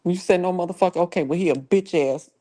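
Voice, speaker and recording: Talking fast in a low, dark voice, the woman running this casual livestream curses and confronts the trolls in her chat, scolding them.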